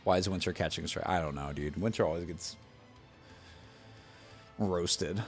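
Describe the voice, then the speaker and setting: A young man chatting casually with his stream viewers, animated and excitable, with lots of restarts and fillers. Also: low voice, unhurried, faint music behind.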